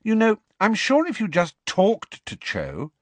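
A man voicing a kind, persistent teenage schoolgirl in an audiobook, lifting his pitch and coaxing gently. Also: huge pitch swings, unhurried, dry recording, full character voice.

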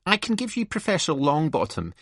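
A stern elderly headmistress, read aloud by an amateur reader speaks in a formal, dry manner. Her pitch leaps widely, and the sound is close and dry. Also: huge pitch swings, brisk, fairly bright tone, no room sound, full character voice. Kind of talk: amateur play-script reading.

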